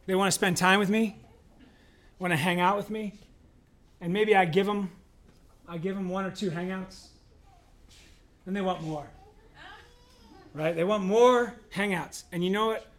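A man with a high voice preaches to his church in a relaxed, chatty manner. He jokes with the congregation and slips into little acted voices to make his point. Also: a little slow, long pauses. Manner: conversational, humorous, acts out voices in quotes. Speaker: pastor. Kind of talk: sermon.

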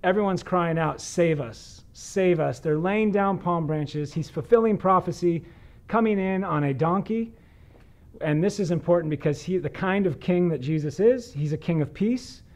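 A man with a somewhat high voice delivers a conversational sermon as a pastor. He reads scripture, then talks it through earnestly and with animation. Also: normal speed, darkish tone.

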